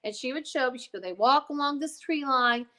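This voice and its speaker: A woman with a fairly high voice talks casually as a guest, wandering off into asides and coming back to press her point. Her delivery is emphatic and conversational. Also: fairly quick, sharp tone. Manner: digressive, emphatic, many asides. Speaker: podcast guest.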